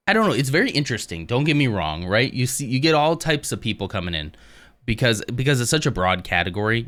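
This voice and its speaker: A man streaming live from his home office, chatting casually and rambling a little as he talks to his viewers. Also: on the low side. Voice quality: smooth voice. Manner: rambling, relaxed, talks to chat.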